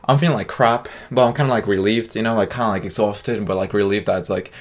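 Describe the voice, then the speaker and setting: A man's voice: fairly low pitch, steady tone, quick pace. Young man, casual storytime, rambling, lots of fillers, acts out quotes.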